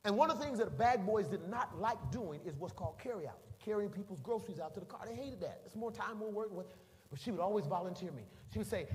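Delivering a sermon with a fast, high-pitched voice, this middle-aged pastor tells a lively story, giving voices to its characters and throwing in beeping noises. The sound echoes as in a large hall, with faint ambience behind him.

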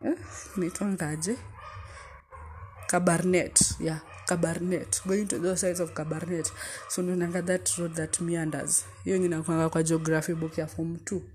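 A young Kenyan woman with a low, deep voice hosts her own podcast in a relaxed, chatty way, sliding between English and Swahili slang. A faint noise sits under her voice. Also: normal speed. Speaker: podcast host. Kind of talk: casual personal storytelling.

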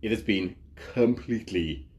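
A man's voice: fairly low pitch, moderate pace, a little mellow. A man co-hosting a podcast in casual chat, rambling with many fillers and frequent laughs. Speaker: podcast co-host.

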